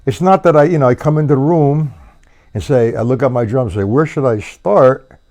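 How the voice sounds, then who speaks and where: A man's voice: mid-range voice, animated, fast talker, dark tone. Man teaching drums on a live stream. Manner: counts beats aloud while demonstrating; loose, swears at own mistakes. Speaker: drum teacher. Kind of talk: live-streamed drum lesson. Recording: faint drum kit in the room.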